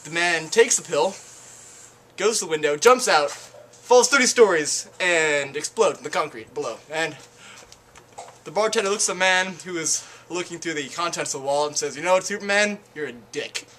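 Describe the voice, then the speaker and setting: A man's voice: fairly high pitch, normal speed, sharp tone. A young man telling bar jokes casually among friends at home, rambling and hesitant with fillers. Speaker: joke teller. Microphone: handheld camcorder. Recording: faint background noise, home camcorder.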